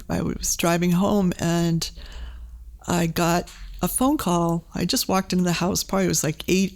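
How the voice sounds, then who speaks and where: A middle-aged woman from Maine, a guest in an interview, telling personal stories in a casual, animated way with many fillers and restarts. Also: fairly low pitch, vocal fry. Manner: animated, frequent fillers and restarts, acts out quoted voices. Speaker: guest, advertising agency CEO and former state representative.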